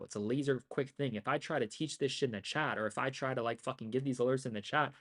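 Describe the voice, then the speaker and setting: A man hosting a live trading stream in a brash, rapid-fire monologue, peppering nearly every sentence with curse words. He lectures the chat directly, and when he gets hyped his voice climbs higher and louder. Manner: brash, swears constantly, talks straight to the chat. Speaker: livestream trading host.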